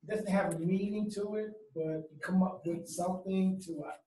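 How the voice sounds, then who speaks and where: A woman's voice: medium pitch, fairly even intonation, normal speed, warm tone. A woman in a class, answering a question hesitantly and searching for words. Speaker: class member. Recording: faint, roomy, from far off.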